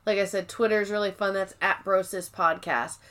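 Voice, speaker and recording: A woman's voice: medium pitch, fairly even intonation, moderate pace, fairly bright tone. Woman on a rewatch podcast, breezy, easygoing, lots of yeahs. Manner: laid-back, breezy, chimes in with short agreements. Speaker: podcast co-host. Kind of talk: casual chat recapping TV episodes.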